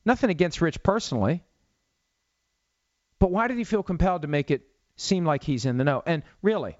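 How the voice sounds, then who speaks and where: A man's voice: on the high side, moderate pace, no echo. Ranting middle-aged man, dry muffled audio. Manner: animated, ranting, rhetorical questions. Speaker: podcast host. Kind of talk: solo podcast commentary.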